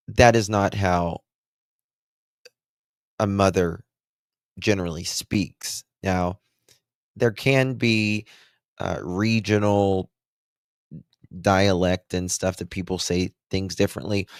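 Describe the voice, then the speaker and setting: Appalachian male commentator, deep-voiced, sarcastic, dry sound. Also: fairly even intonation, slow, long pauses, smooth, no echo. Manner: blunt and sarcastic, mocking. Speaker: true crime commentator. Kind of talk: commentary reacting to interview clips.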